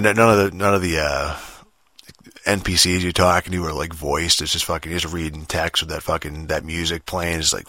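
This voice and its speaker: A man's voice: sits low, bright, forceful tone, no echo, clean studio sound. A man rambling in a casual, profane rant about video games, full of filler words, restarts and exasperated mockery. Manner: exasperated, mocking. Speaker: gamer talking about games.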